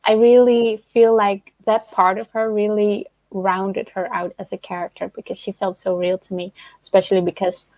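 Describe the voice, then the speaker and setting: A woman hosts a relaxed book club over a video call. She chats, giggles and trails off with fillers as she shares favorite scenes. Her voice sits in the middle range and sounds dry and close. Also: medium pitch, normal speed, hardly any pauses, dry recording. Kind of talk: casual online book discussion.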